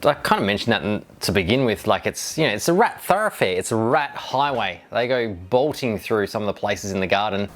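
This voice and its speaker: A man's voice: on the low side, lively intonation, fairly quick, few pauses, fairly bright tone. A middle-aged man making a casual DIY video, rambling and joking as he reads viewer comments. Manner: rambling and jokey, with wry asides.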